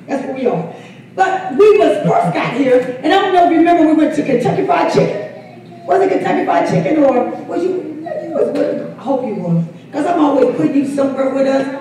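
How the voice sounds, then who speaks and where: A woman's voice: high-pitched, warm tone. A woman pastor, preaching at a Bible study, telling stories with laughter and calling out for the congregation to respond. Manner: storytelling, laughing, calls for responses. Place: church hall. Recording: roomy echo, far from mic, congregation.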